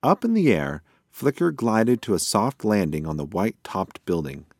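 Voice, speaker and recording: A man narrating a children's storybook in an expressive, lively storytelling manner. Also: lowish voice, moderate pace, dry recording, clean studio sound. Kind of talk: storybook reading.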